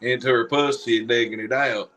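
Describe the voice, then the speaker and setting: A man's voice: medium pitch, fairly even intonation, fairly quick, fairly bright tone. A man hosting casual chat, telling crude, profane jokes. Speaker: show host.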